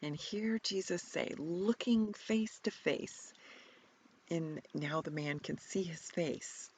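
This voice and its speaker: Woman leading a guided Bible contemplation, slow and reflective, gravelly voice. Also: lowish voice, darkish tone, a little hiss or hum. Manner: slow, reflective, prompting questions, at times whispered. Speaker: retreat leader guiding contemplation.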